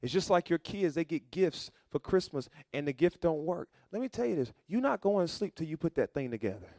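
Middle-aged male pastor, preaching sermon, fairly high voice, dry close sound. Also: very animated, a little fast, dry recording. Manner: call-and-response preaching, building to loud emphatic peaks.

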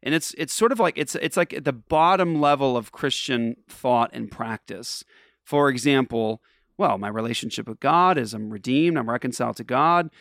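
A man's voice: medium pitch, moderate pace, creaky, fairly bright tone, no echo, clean studio sound. A man hosting a faith radio show, talking in an earnest, emphatic, preacherly way. He sounds tired from travel. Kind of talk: casual faith talk.

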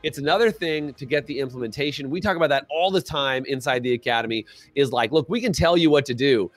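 Talking fast in a mid-range voice over soft background music, this business coaching podcast co-host is animated, acting out short dialogues and urging listeners to leave comments in the chat.

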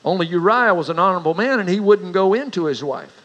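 A man's voice: animated, quick pace, fairly bright tone, lo-fi sound. A middle-aged man preaching a sermon as a pastor, telling stories in a folksy way. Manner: folksy storyteller, rises in pitch for anecdotes.

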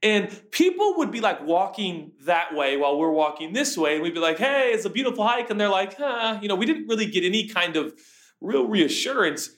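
A man in his forties, a pastor, preaching a sermon with lively storytelling and acted-out shouts. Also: high voice, fairly quick, roomy sound. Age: 40s. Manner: storytelling, animated, acts out his own shouts.

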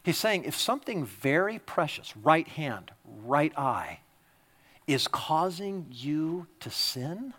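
Pastor guy preaching, high bright voice, gets loud and punchy then goes quiet. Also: very animated, takes it slowly. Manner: emphatic, swings from loud exhortation to quiet confiding. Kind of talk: sermon.

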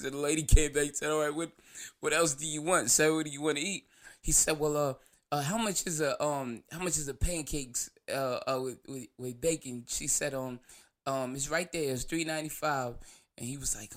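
A man's voice: fairly high pitch, normal speed. A man from New York hosting his own show, telling a rambling story in casual talk, laughing and swearing as he goes. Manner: rambling, laughs through the story, loose profanity. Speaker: show host.

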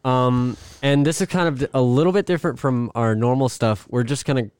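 A young man co-hosting a podcast, calmly explaining his views in casual chat. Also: mid-range voice, brisk, clean tone, dry recording, clean studio sound. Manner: thoughtful, explains ideas at length. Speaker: podcast co-host.

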